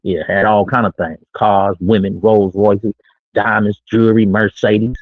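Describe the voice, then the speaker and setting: A lowish voice with little pitch movement and a measured pace belongs to a middle-aged streamer talking dating in brash, boastful street slang. He speaks in a casual monologue from his own small studio, over a tinny, phone-like line with no room sound.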